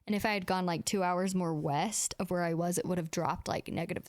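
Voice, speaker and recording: This young woman hosts a podcast, her fairly low, steady voice moving a little fast as she tells stories in a casual, chatty style packed with "like" and acted-out dialogue. The recording is clean studio sound with no room tone.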